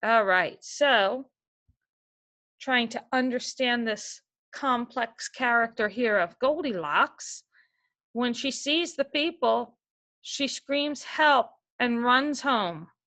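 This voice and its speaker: A woman's voice: a little high, slow, bright, forceful tone. A woman teacher giving a reading lesson, reading a story aloud and explaining it patiently with questions to the listener.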